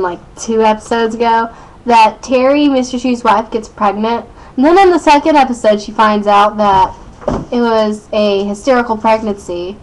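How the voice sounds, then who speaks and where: A woman's voice: a little high, poor audio. A teenage girl recapping a TV episode into her webcam, chatty and rambling, full of "like" and "um", giggling often. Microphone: built-in webcam mic.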